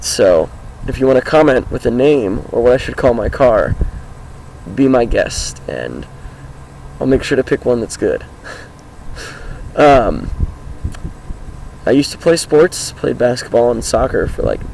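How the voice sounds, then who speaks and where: Hoarse teenage boy, gravelly voice. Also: mid-range voice, sing-song, measured pace, darkish tone, slight background noise, poor audio. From Washington State, US. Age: teens. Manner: rambling, upbeat, many fillers. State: hoarse, groggy voice. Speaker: high school student vlogger. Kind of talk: casual self-introduction vlog. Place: outdoors, sitting on his car.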